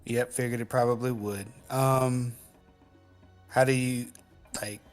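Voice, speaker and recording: A man playing in a tabletop game, talking slowly and hesitantly as he works out his moves. Faint music sits under his voice. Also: mid-range voice, steady tone. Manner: hesitant, lots of ums and restarts. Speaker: player. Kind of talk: casual tabletop play.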